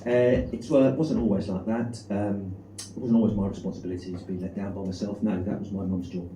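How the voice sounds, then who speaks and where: A middle-aged man with a South London accent, doing a stand-up comedy set. He is deadpan and self-deprecating, with lots of ums and uhs. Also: fairly low pitch, a little fast. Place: comedy club stage with live audience. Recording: echoey room, mic far off, noisy.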